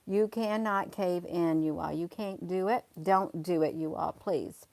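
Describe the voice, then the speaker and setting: A woman's voice: lowish voice, a little slow, a little mellow, no room sound. A woman, hosting a casual livestream and talking emphatically and repetitively to viewers, calling them honey. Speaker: livestream host.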